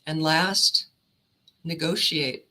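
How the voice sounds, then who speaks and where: A woman career counselor giving a steady, instructive presentation on negotiating. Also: low-pitched, extremely slow, poor audio.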